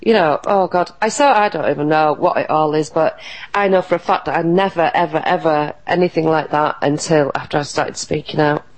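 Earnest low-voiced woman. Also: fairly quick, poor audio. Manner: earnest, emphatic, many restarts. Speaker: guest. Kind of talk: casual interview talk.

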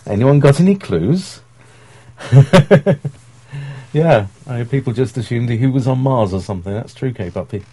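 A man's voice: medium pitch, lively intonation, moderate pace, long pauses, mellow, breathy edge, no room sound. A man hosting a casual call-in stream, talking in a rambling, hesitant way with many fillers and chuckles. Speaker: show host. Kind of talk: casual live-stream talk.

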